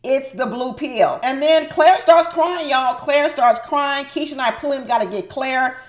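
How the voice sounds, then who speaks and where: A woman with a fairly high voice delivers opinionated recap commentary on a reality show. She talks emphatically and straight to her viewers. Her voice rings in an echoey room. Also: unhurried.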